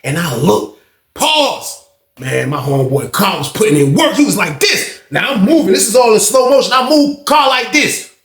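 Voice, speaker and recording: A young man telling a casual storytime, animated and slang-heavy, swearing freely. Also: high-pitched, brisk, roomy sound.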